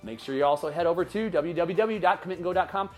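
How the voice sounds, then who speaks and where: A man with a fairly high voice delivers a motivational podcast monologue as its host. He talks with energy and drives his points home with repeated rhetorical questions. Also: quick pace, faint music behind. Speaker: podcast host and life coach.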